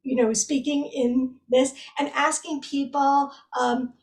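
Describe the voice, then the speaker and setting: Woman, high-pitched, chatty with fillers and restarts, a bit far from the mic. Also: level tone, slow. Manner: chatty, with many fillers and self-corrections. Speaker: researcher guest. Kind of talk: conversational interview.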